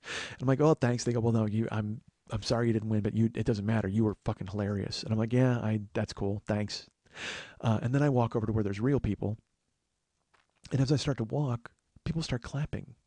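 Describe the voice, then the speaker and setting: This podcast host spins a long, casual personal story, often starting over and performing what others said. His voice is on the low side, steady, mellow and fairly quick, with no room sound.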